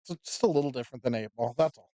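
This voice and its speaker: A man's voice: medium pitch, rapid-fire, dark tone, no echo. Guy doing laid back pool commentary, dry jokes, close dry mic. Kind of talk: casual commentary.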